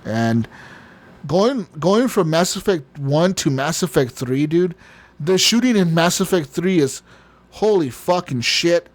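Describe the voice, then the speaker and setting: A man's voice: a little high, expressive, measured pace. A man co-hosting a podcast, telling a long story in casual chat, rambling and profane, often laughing. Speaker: podcast co-host.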